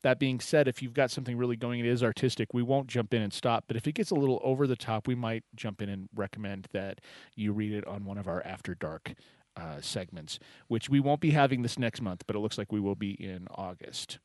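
A man's voice: lowish voice, a little fast, hardly any pauses, darkish tone, no echo. A man hosting a poetry open mic call-in show, chatty and welcoming, with frequent fillers.

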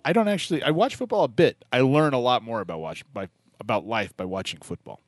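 A man hosting a radio show, chatting casually in a jokey, animated way and laughing often. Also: medium pitch, quick pace, dry recording. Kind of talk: casual on-air chat.

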